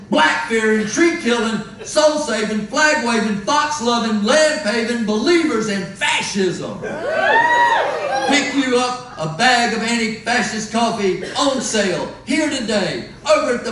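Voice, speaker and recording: A man putting on a booming mock-infomercial announcer voice, pushing a product with a rousing sales pitch, in an echoey live venue heard from a distant mic. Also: fairly bright tone, slight background noise.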